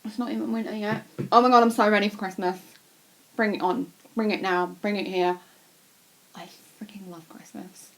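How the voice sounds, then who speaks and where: A woman's voice: medium pitch, fairly even intonation, normal speed. A young woman talks straight to her camera, rambling and chatty, tossing in fillers and the odd swear word. She sounds a little under the weather with a cold. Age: young adult. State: sick with a cold. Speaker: vlogger. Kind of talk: casual chat to camera.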